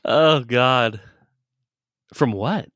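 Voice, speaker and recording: A man's voice: mid-range voice, fairly bright tone, no echo. A man hosting a podcast in casual chat, laughing often and asking callers to phone in. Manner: laughs often, unhurried, reads out the call-in number. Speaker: podcast host.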